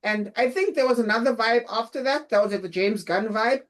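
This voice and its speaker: A woman co-hosting a casual movie podcast, talking in an animated, frank way. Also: a little high, a little fast. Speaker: podcast co-host.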